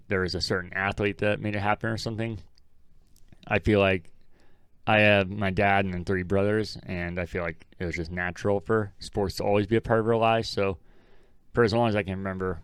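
A man's voice: fairly low pitch, clear, resonant tone, no room sound. A young man from Ohio co-hosting a casual sports podcast, laid-back and swearing often. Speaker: podcast co-host.

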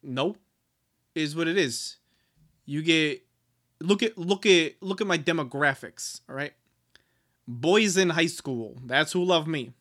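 A man putting on a brash, boastful male author with a New Jersey accent, gruff and profane. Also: a little high, takes it slowly, pauses often, a bit bright. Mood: blunt. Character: brash swaggering male author, blunt and cocky.

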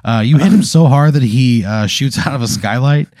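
A man improvising a deadpan, escalating comedic story, acting out quotes from the people in it. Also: mid-range voice, moderate pace, dry recording, studio quality. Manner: deadpan, escalating absurd narration with acted-out quotes. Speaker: podcast host.

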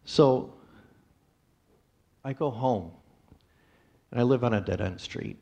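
A man telling his personal testimony to a church congregation, in a plainspoken storytelling way with pauses and restarts. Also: mid-range voice, vocal fry, dark tone.

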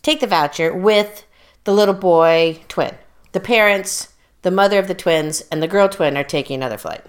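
A woman's voice: on the low side, moderate pace. A woman casually retelling a plot, rambling and correcting herself, laughing often and gesturing as she talks. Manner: talks with her hands while telling. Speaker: storyteller in a casual conversation.

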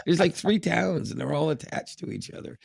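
A man's voice: fairly high pitch, animated, a little fast, creaky, breathy edge, dry recording. A man co-hosting a podcast in casual chat, rambling with lots of fillers and frequent laughs. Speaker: podcast co-host.

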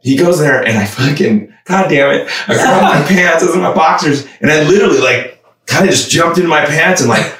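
Young man, casual storytelling, lively swings in pitch, swears a lot, a bit off-mic, echoey room. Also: fairly quick, distant mic. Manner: animated, swearing often, shouting and laughing through quoted outbursts. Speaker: musician guest.

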